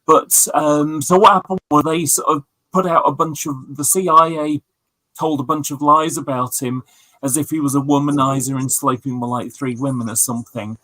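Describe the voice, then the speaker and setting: A man with a somewhat high voice wanders through a long story, pausing on fillers and doubling back over his words. He talks in a relaxed, chatty way on a livestream with friends. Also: no room sound, rough recording. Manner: rambling, storytelling with many fillers. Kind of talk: casual chat.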